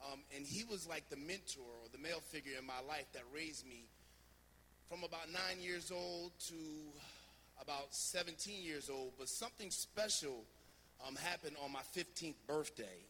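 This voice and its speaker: A man from New Jersey preaching a sermon, telling a story in a lively, anecdotal way with many fillers. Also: fairly high pitch, moderate pace, big-room sound, a little hiss or hum. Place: church sanctuary.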